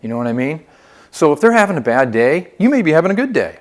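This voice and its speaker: A man's voice: on the high side, fast. A man teaching a phone sales training lesson, upbeat and coaching, often checking in with "okay?". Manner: upbeat coaching, lively inflection, frequent "okay?" check-ins.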